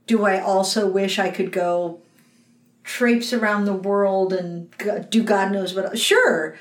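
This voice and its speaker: Woman podcast host, casual chat, lively retelling, roomy sound, set back from the mic. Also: medium pitch, slow. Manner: animated, acts out lines from the show. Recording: roomy, slightly distant mic.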